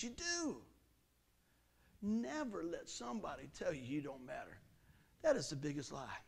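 A middle-aged man preaching a sermon in a folksy, animated way, his pitch and volume jumping often. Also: normal speed, gravelly, long pauses, breathy edge. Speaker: pastor.

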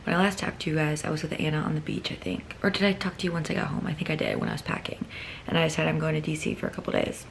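A young woman vlogging, telling a story to camera in a chatty, rambling way, full of "like," sometimes dropping to a hushed near-whisper. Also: low voice, very animated, very fast, creaky, a little hiss or hum. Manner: chatty, rambling, heavy use of "like".

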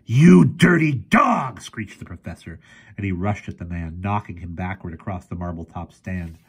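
A man reading a novel chapter aloud in a steady, measured way. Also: low-pitched, breathy edge. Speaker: storyteller.

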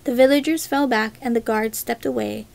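A woman reading a first-person story aloud as a storyteller, with a measured, dramatic delivery. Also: a little high, steady tone, gravelly, darkish tone. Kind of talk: scripted first-person narration.

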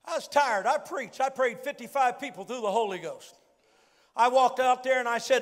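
A man with a West Virginian accent preaching a fervent Pentecostal sermon, telling a story with emphatic repetition and shouted declarations. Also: very high voice, moderate pace. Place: large church sanctuary. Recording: long hall reverb from church PA.

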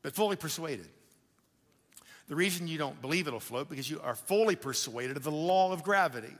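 A male pastor preaching a sermon in a conversational, animated way, with quick asides to the congregation. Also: fairly high pitch. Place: church auditorium. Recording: live church hall with long reverb.

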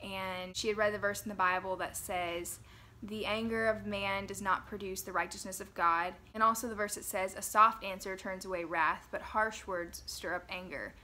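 A young mother speaks at home in a clear, bright voice, her pitch sitting in an ordinary middle register. She tells family memories gently and earnestly, reflecting as she goes. The tone stays sincere throughout. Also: steady tone, moderate pace. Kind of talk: personal reminiscence to camera.

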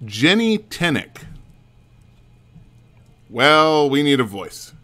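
A man's voice: a little high, very animated, extremely slow, a bit bright. A man with a Southern US accent doing casual, playful let's play commentary, stumbling over words and mocking himself. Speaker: let's play host reading a game aloud.

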